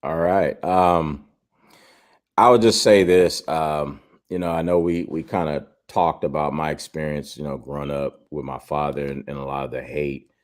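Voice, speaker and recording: A man in his forties speaks with an extremely deep, low voice. He talks earnestly and reflectively over a video call, pausing often with fillers as he tells his story. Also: fairly even intonation. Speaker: guest father. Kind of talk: interview storytelling.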